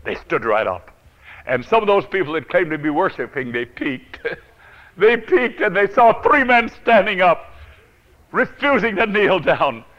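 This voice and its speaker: A male preacher telling a Bible story in a dramatic sermon, swinging from loud to hushed and chuckling often. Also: sits high, very animated, unhurried, dull audio.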